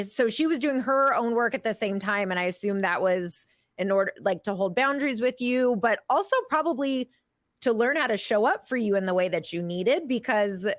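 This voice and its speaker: Thoughtful woman host, higher voice, dry sound. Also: no room sound. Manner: thoughtful, probing questions. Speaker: podcast host, therapist. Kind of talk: interview conversation.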